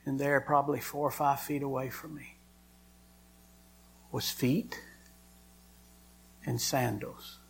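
A man preaches a personal testimony in a middle-range voice. He moves from hushed, whispered lines to loud, pressing ones. A faint hum runs in the background. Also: mid-range voice, flat delivery, takes it slowly, vocal fry, long pauses. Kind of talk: emotional sermon testimony.

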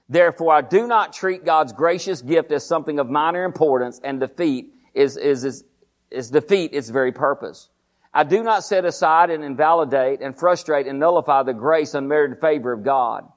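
A man preaching a sermon, talking fast and emphatically, often repeating phrases. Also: a little high.

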